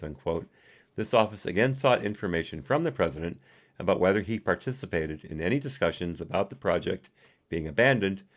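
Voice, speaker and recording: A man doing a live reading of a report, reading the punctuation aloud and adding his own asides. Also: low-pitched. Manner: reads punctuation aloud and adds personal asides. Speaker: reader and commentator.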